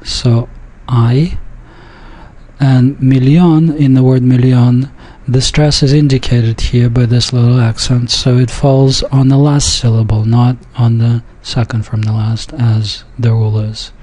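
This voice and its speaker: A man teaching a pronunciation lesson, speaking deliberately and repeating words with pauses and small restarts. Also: medium pitch, little pitch movement, dark tone, breathy edge, poor audio. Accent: speaks a Yiddish dialect. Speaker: language teacher. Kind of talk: slow classroom-style pronunciation lesson.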